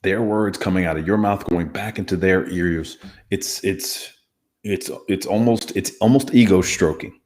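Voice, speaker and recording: A man's voice: low voice, unhurried, darkish tone. A man, a former hostage negotiator, explaining communication skills in an emphatic, instructive way during an interview. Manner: emphatic, instructive, demonstrates inflections. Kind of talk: conversational teaching interview.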